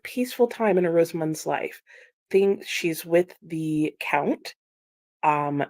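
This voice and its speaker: A woman hosting a casual book chat, animated and emphatic, with frequent "like" and laughter. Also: lowish voice. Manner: animated and emphatic, with repeated exclamations. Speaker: book livestream host.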